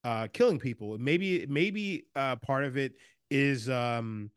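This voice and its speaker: A man's voice: mid-range voice, takes it slowly, clean tone, no echo, studio quality. A man co-hosting a casual movie podcast, rambling and restarting his sentences, speeding up when he gets worked up. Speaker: podcast co-host. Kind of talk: casual chat.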